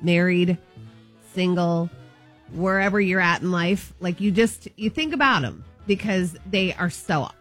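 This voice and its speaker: A woman's voice: fairly low pitch, unhurried, a bit bright, faint music behind. A woman co-hosting a morning radio show, chatting in an enthusiastic, gushing way.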